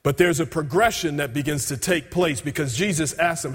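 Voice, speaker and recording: A man preaches a sermon in a high, husky voice, retelling scripture with emphatic, drawn-out quotes. The sound rings with long reverb from a large hall.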